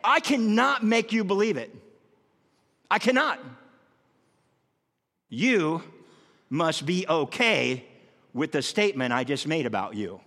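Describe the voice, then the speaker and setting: A man preaching a sermon, lively and emphatic, acting out scripture passages with rising intensity. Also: takes it slowly, long pauses. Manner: animated, acts out scripture with rising emphatic pitch. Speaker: pastor. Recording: long hall reverb.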